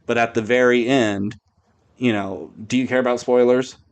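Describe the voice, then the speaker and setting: A man's voice: mid-range voice, fairly even intonation, moderate pace, clean tone. A man hosting a podcast, chatting casually and bluntly about movies, rambling with frequent restarts. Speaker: podcast host. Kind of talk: casual movie review chat.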